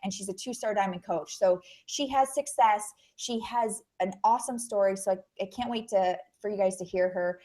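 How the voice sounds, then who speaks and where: A woman's voice: mid-range voice, normal speed, few pauses, mellow. Chatty upbeat woman hosting a call. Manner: chatty and upbeat, many fillers. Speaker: host. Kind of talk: casual group call introduction.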